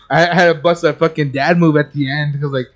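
A man's voice: on the high side, fairly even intonation, brisk, lo-fi sound. A man co-hosting a podcast, telling stories among friends with lots of laughing and swearing. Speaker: podcast co-host. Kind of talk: casual chat among friends.

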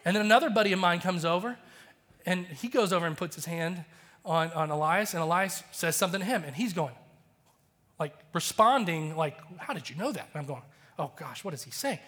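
A man's voice: high voice, lively intonation, brisk, fairly bright tone. A man in his thirties, a pastor giving a conversational, storytelling sermon that acts out the quotes. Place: church auditorium.

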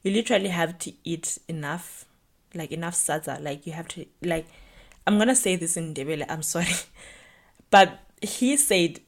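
A woman's voice: fairly low pitch, normal speed, creaky. Chatty young woman podcaster. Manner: chatty, reflective, animated storytelling with lots of "like". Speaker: podcast host. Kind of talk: solo podcast monologue.

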